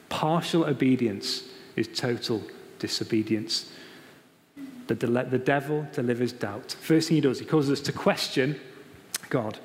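A man preaching a sermon, stressing key phrases and repeating them slowly. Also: medium pitch, long reverb tail. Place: church.

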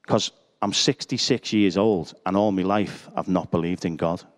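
A man's voice: low-pitched, normal speed. A middle-aged man, preaching a sermon full of personal stories and self-deprecating jokes. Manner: chatty, self-deprecating, joking asides.

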